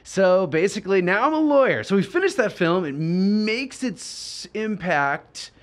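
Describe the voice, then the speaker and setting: A middle-aged man tells stories in a loose podcast chat, and his voice leaps up and down with a lively, swooping range. He sits a little high for a man, laughs often, swears freely and slips into acted-out dialogue. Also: a little slow. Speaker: podcast guest, filmmaker and lawyer. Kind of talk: animated storytelling in casual chat.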